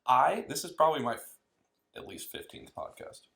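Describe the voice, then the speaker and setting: A man's voice: medium pitch, big pitch swings, normal speed, gravelly, fairly bright tone. A young man with a Southern US accent hosting a podcast, chatting and teasing his guest into a podcast mic. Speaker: podcast host. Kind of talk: casual chat. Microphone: podcast microphone.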